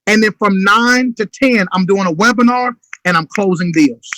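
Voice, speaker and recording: A man in his thirties gives a motivational business talk, pressing every point with urgency. His voice sits high and rings bright. The sound is dry and close. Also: normal speed, no echo, rough recording. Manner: urgent, emphatic, acts out phone calls. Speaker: motivational speaker.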